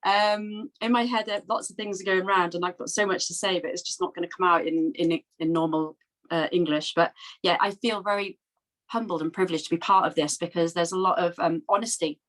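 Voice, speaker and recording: A woman with a Welsh accent, a trainee therapist speaking in a workshop discussion, nervous and heartfelt with halting restarts, on a video call. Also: lowish voice, fairly even intonation, a bit bright, low-quality recording. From Wales. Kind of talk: casual discussion.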